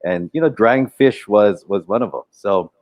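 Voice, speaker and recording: A man's voice: on the low side, normal speed, darkish tone. A man co-hosting a casual live stream, joking and teasing, laughing often. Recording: roomy echo with faint music.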